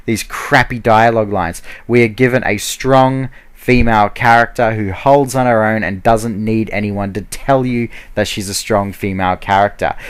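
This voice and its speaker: A man's voice: mid-range voice, smooth. A man giving a heated, casual ranting review, full of fillers and restarts. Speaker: video blogger.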